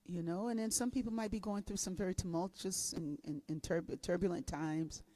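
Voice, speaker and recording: A woman's voice: on the low side, fairly even intonation, normal speed, mellow, dry recording. A woman hosting a spiritual live stream, chatting affectionately with viewers in a casual way and laughing easily, talking into a home streaming mic. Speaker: host and gospel singer.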